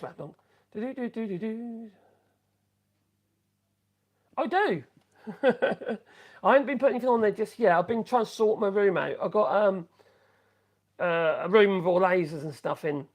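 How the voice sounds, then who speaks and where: At normal speed and with a high-sitting voice, a man keeps up easygoing chatter on a woodworking live stream. He drifts along, corrects himself now and then, and hums between thoughts.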